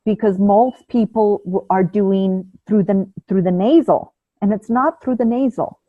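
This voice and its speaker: A calm, patient woman teaches a breathing class and demonstrates each breath aloud. She speaks slowly in a mid-range voice. Her sound is dry and narrow, like a call heard over a phone. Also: medium pitch, no room sound. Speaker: ayurveda and yoga teacher.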